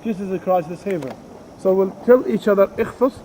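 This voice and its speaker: A man's voice: sits high, normal speed, mellow, a little hiss or hum. A man working as a tour guide, explaining the sights to a group outdoors among ancient ruins and often checking whether they can see what he points at.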